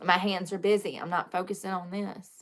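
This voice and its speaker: A woman's voice: lowish voice, little pitch movement, fairly quick, a bit bright. Chatty woman vlogging her makeup. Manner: chatty, joking, confessional, laughs often. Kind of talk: casual live-stream chat.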